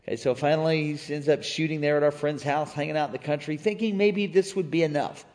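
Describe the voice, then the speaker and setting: Middle-aged male pastor with a high voice, storytelling sermon style that rallies the crowd, big hall echo. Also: fast talker. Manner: animated storytelling, calls out to the congregation. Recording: reverberant church hall.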